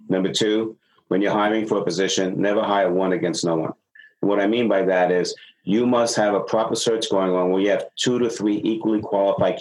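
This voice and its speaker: A man's voice: low voice, low-quality recording. A man working as a business consultant, giving advice in a casual talk and acting out dialogue as he tells stories. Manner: animated storyteller acting out dialogue.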